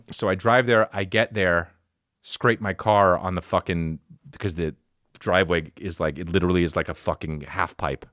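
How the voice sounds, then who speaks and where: A man's voice: deep voice, normal speed, no echo, studio quality. A man in his thirties hosting a podcast, telling a comic story with lots of swearing, acting out the people in it. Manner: profane, animated, acts out voices. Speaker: podcast host, comedian.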